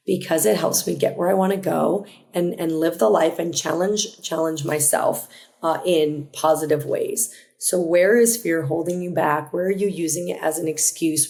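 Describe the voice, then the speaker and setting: Earnest woman with a low voice, podcast host. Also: vocal fry, mellow. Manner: earnest, reflective, with frequent restarts and quick asides. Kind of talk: motivational solo podcast talk.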